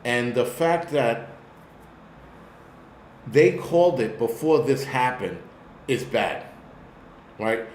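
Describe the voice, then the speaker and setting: A man's voice: medium pitch, expressive, slow, long pauses, a little mellow, echoey room, slight background noise. A man with a New York accent hosting a live-stream commentary, talking bluntly and swearing as he rambles. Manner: blunt, profane, rambling rant. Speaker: host.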